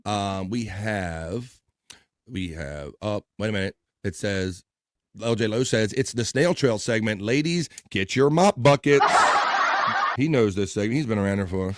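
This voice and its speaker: A man's voice: medium pitch, no room sound. A man hosting a casual live-stream show, joking and laughing as he reads viewer comments. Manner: joking, laid-back, laughs often. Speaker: livestream show host.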